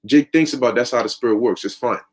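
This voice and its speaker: A man's voice: medium pitch, fast, darkish tone, slightly rough. A man preaching through a long story in casual, slangy, conversational talk. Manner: conversational, lots of fillers and restarts, slang.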